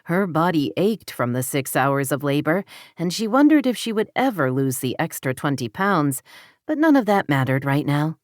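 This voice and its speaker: A woman with a low, deep voice reads an audiobook romance in steady scripted narration. The delivery is even, and the sound is dry and close with no room around it. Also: normal speed, no echo.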